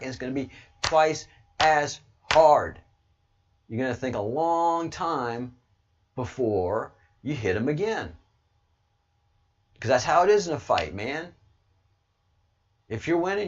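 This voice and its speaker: An American man hosting his channel in a casual, rambling livestream monologue, excitable and swinging from low mutters to loud outbursts. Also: dull audio. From United States. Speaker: channel host.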